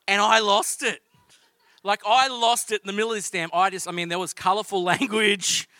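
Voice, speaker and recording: Bright-voiced Australian man preaching. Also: high voice, fairly even intonation, normal speed, dry recording. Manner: conversational storytelling. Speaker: pastor. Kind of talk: sermon.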